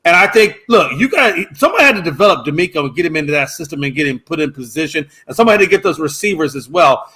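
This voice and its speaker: A man co-hosting a sports talk show, arguing his point with emphatic, animated delivery that jumps up at times. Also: on the high side, racing, few pauses, breathy edge. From United States. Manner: animated, emphatic, rising to shouts. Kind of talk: casual sports debate.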